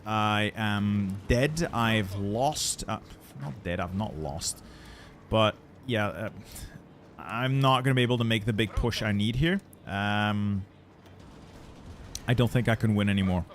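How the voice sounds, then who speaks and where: A man's voice: fairly low pitch, a little slow, slight background noise. A man commentating his strategy game play, exasperated and swearing as he rants about losing. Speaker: gaming channel host.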